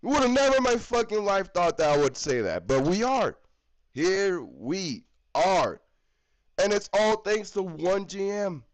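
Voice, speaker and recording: Man, from the United States, hockey fan rant, swearing, heated, high voice, swooping delivery. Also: very animated, moderate pace, hardly any pauses, rough recording. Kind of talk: profane ranting commentary.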